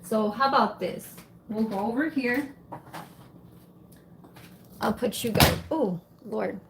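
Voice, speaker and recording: A woman's voice: a little high, takes it slowly, vocal fry, heavy background noise. A woman hosting a casual cooking livestream at home, chatting with her viewers while she cooks and swearing now and then. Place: home kitchen, then outdoors.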